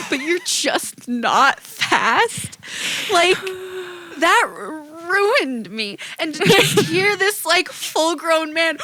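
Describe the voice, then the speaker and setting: High, bright-voiced woman chatting slowly. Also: a little hiss or hum, rough recording. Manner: animated, expressive storyteller. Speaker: podcast co-host. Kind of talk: casual chat.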